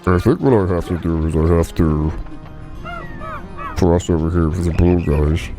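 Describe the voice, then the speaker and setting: A murky male swamp creature, put on by a man on a game stream, with a deep and strangely moist timbre. It mutters along slowly, and loud game music plays behind it. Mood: muttering.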